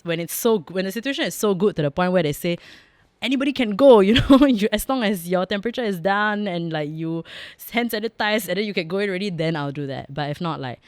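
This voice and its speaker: A woman's voice: sits low, clear, resonant tone, dry recording. A woman with a Singaporean accent hosting her own podcast in a studio, talking frankly and jokingly and laughing often. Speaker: podcast host. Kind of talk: casual chatty monologue. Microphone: close studio mic.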